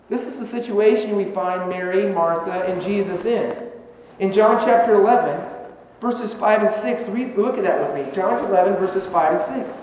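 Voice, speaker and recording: A male pastor delivering a sermon, animated and sarcastic, swinging between loud bursts and quiet asides. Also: high-pitched, a little hiss or hum. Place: church sanctuary. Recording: echoey hall recording from far off, dull sound.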